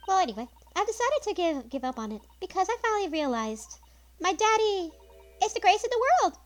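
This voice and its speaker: A woman's voice: extremely high pitch, very animated, brisk, pitched above the performer's own voice. A woman voicing a cheerful, sweet young girl from a story game, gushing and affectionate. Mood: sweet, earnest.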